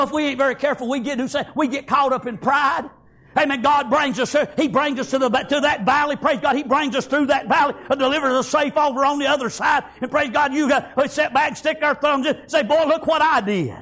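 High-pitched fervent preacher man. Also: fairly even intonation, brisk. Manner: fervent, peppered with "praise God" and "amen", often shouting. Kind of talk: sermon.

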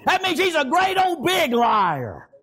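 An older pastor, preaching loudly and punctuating his sermon with frequent amens. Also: very high voice, wildly swooping pitch, measured pace.

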